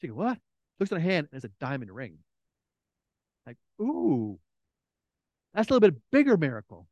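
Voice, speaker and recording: A middle-aged pastor delivers a storytelling sermon in a slightly high voice, speaking rapid-fire. The lo-fi recording has no room sound, and he animatedly acts out the quoted voices of the people he describes.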